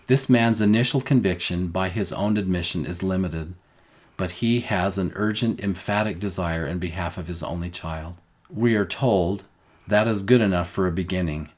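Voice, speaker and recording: A man's voice: fairly low pitch, a little mellow. A middle-aged man teaching a gospel lesson, quoting a talk in an earnest, tender way. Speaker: scripture teacher.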